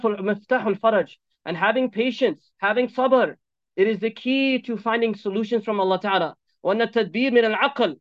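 Fast, high-voiced male preacher. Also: no room sound. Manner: animated, joking asides, switches between Arabic recitation and English. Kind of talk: sermon on Quran commentary. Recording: dull, dry lo-fi recording.

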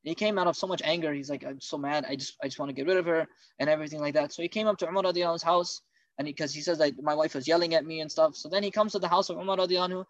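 Male preacher, high and quick, earnest, dry slightly dull recording. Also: no room sound. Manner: earnest, urgent rhetorical questions. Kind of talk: sermon.

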